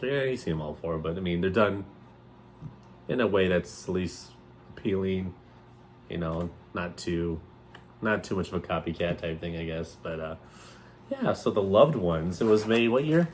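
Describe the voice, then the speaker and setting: A man with a low voice co-hosts a relaxed horror movie chat. He rambles and jokes, and his sentences often trail off into quieter asides. Faint background noise sits under the talk. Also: moderate pace. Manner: joking, jumps into loud playful outbursts. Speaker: co-host of a horror movie review channel. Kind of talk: casual chat.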